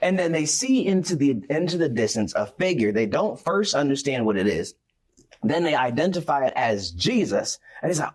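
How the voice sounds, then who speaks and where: A man retelling a Bible story in a casual faith discussion, animated and acting out the scenes. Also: on the high side, moderate pace, husky.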